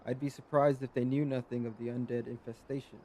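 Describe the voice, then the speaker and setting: A man's voice: mid-range voice, flat delivery, fast, darkish tone, slight background noise, lightly acted. A man reading the lines of a polite, worried male lighthouse guard in a video game, formal and explanatory.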